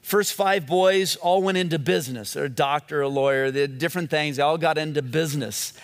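A man preaches from the pulpit, telling stories in a loose, conversational way. His voice sits a bit higher than most men's, and he often circles back over his own phrases. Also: a little fast, big-room sound. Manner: conversational storytelling with many restarts. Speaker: pastor. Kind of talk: sermon.

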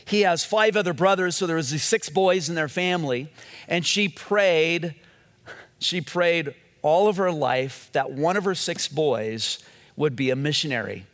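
A man's voice: on the high side, measured pace, a bit bright, in a large hall. A male pastor giving a sermon in a conversational storytelling way, often restarting his phrases.

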